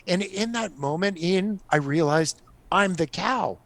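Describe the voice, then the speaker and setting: A middle-aged man telling stories on a podcast as a guest, animated and often laughing. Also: high voice, a little slow, no room sound. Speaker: guest author. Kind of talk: casual storytelling on a podcast.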